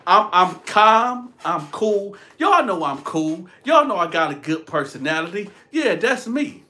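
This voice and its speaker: A man telling a story on his own channel in a casual, animated way, talking straight to his viewers. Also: sits high, measured pace. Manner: animated, addresses viewers directly. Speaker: storytelling vlogger.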